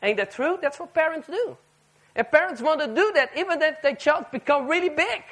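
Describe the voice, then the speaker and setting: A man preaching a sermon to a live audience, animated and firing rhetorical questions at the listeners. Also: very high voice, brisk.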